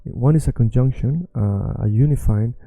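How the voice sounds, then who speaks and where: A man teaching a language lesson, repeating phrases slowly and patiently. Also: medium pitch, creaky, no echo, narrow, tinny audio.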